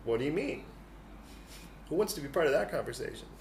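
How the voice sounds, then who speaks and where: Male pastor, high voice, lively funny sermon, roomy hall with faint hiss. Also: fast, vocal fry. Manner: animated, humorous storytelling. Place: church hall. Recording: echoey hall, faint noise.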